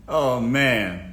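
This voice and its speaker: A man's voice: medium pitch, fairly bright tone. A man hosting a livestream who gives blunt, joking advice and calls his viewers folks. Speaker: livestream host answering viewer questions. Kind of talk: casual livestream advice chat.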